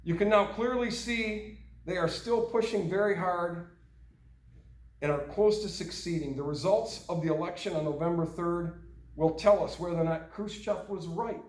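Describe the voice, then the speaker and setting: A man's voice: sits high, moderate pace, recorded from a distance. Earnest older man speaking in an echoey room. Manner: earnest, rhetorical questions. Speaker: meeting speaker. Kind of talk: speech to a small group. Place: meeting room. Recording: echoey room, mic from afar.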